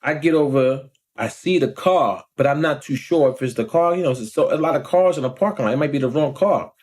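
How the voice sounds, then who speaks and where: A man, telling a story in a casual, animated vlog rant and often checking in with the listener. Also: fairly high pitch, brisk. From Long Island, New York. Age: 40s. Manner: animated, acts out quoted voices, frequent "you know what I'm saying". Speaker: vlogger.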